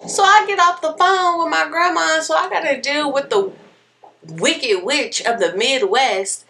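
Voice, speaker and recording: A young adult woman vlogger telling a personal story in a candid, animated, expressive way. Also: high-pitched, unhurried, vocal fry, distant mic. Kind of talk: casual storytelling.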